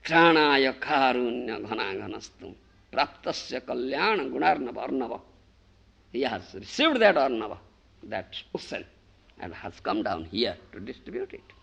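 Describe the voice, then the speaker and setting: Emphatic male preacher giving a devotional sermon, gravelly, animated delivery. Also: medium pitch, moderate pace, lo-fi sound. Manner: emphatic, keeps asking if listeners understand. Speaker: spiritual teacher.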